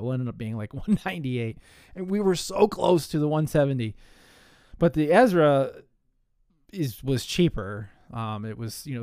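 A man's voice: medium pitch, a little mellow, clean tone, dry recording, clean studio sound. A man hosting a casual whiskey podcast, rambling with frequent fillers and restarts, a little out of breath. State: slightly out of breath.

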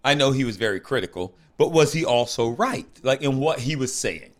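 A man in a relaxed comedy podcast chat speaks at an everyday mid pitch, riffing absurd bits with a straight, deadpan delivery. He teases his co-host playfully and keeps the jokes going. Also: fairly quick.

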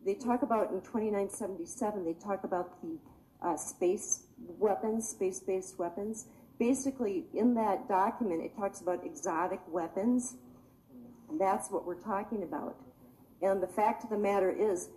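A woman's voice: medium pitch, dark tone, slight background noise, rough recording. Emotional, tired woman testifying. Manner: emotional, earnest, pleading. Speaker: public commenter. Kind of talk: public meeting testimony.

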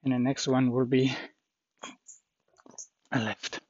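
A man walking outdoors on a hilly trail, talking in a rambling, halting way with lots of fillers as he vlogs his pilgrimage. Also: mid-range voice, level tone, a little mellow, no room sound. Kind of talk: casual walking vlog. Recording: dull lo-fi with faint noise.

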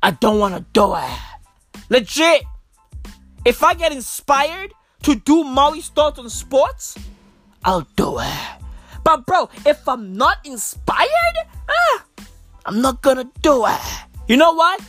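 A woman's voice: high-pitched, big pitch swings, slow, fairly bright tone, no room sound, soft background music. A woman hosting a podcast, ranting casually in a brash, profane, emphatic way full of slang. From South Africa. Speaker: podcast host. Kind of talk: casual rant.

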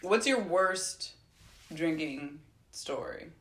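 A woman's voice: low voice, animated, very slow, a bit bright, reverberant, a little hiss or hum. A woman chatting casually as a co-host, speaking frankly and drifting into asides. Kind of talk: casual chat.

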